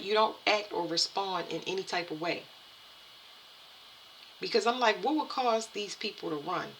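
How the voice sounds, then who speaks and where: Bright-voiced woman giving a spiritual card reading. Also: fairly low pitch, slight background noise, rough recording. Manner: halting, repeats herself, addresses viewers as y'all. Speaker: tarot and energy reader.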